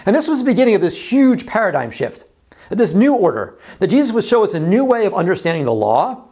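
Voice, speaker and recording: A man's voice: sits high, huge pitch swings, fast talker, darkish tone, slightly rough. A man preaching a sermon in a conversational way, often repeating words as he talks. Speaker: pastor.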